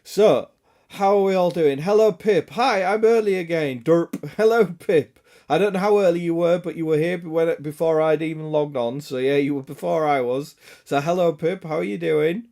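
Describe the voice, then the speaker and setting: Male streamer, raspy sick throat, a touch high-pitched, gravelly, jokey chat with viewers. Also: normal speed, a little mellow. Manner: joking, sweary banter greeting chat viewers. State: hoarse, raspy throat from illness. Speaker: game streamer. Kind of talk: casual live-stream chat.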